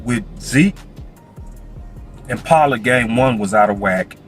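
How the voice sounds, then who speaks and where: A man giving sports commentary in a playful, animated way. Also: mid-range voice, slow, soft background music. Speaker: sports show host.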